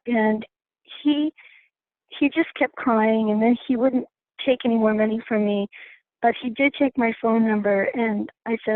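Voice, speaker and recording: Brief: earnest woman caller, fairly high voice, dry thin phone sound, halting restarts. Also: steady tone, dry recording. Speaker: class participant sharing a story. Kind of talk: casual storytelling on a call. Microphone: phone call. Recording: tinny phone line, dry.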